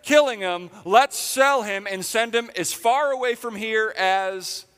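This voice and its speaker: Scheming brothers talk in a high, loud, falsely sweet sing-song, as a pastor acts them out. The sarcasm is laid on thick. Long reverb hangs in the hall. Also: male voice, unhurried, clean tone. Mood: fake sweet.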